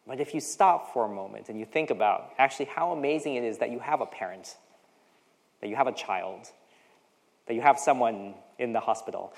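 An American preacher in his forties delivers a conversational sermon full of personal asides, acting out the voices he quotes. His mid-range voice is creaky and moves a little fast. A long hall reverb trails behind him.

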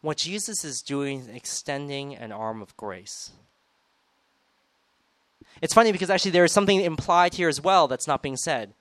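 A man's voice: on the high side, expressive, moderate pace, fairly bright tone, no room sound. A man preaching a sermon in a conversational way, retelling scripture and acting out quoted lines with rising emphasis.

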